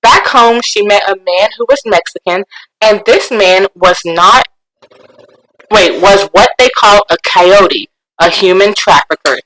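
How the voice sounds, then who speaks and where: A woman co-hosting a podcast, chatting casually and reading forum posts aloud, animated and quick to laugh. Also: medium pitch, low-quality recording. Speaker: podcast co-host.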